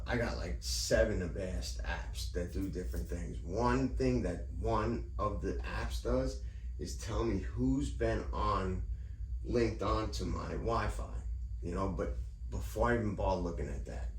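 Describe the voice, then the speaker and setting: In a vlog, a man with a deep, slightly mellow voice launches into a rambling, profane, heated rant about his neighbor and his housing program, digressing often. The recording has a little hiss or hum, an echoey room, a distant mic, and faint ambience.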